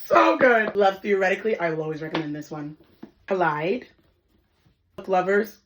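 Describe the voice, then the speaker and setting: A woman in her twenties, a book influencer, giving quick, bubbly book recommendations to camera. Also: lowish voice, a little hiss or hum. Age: 20s. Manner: bubbly and quick, gushing over books.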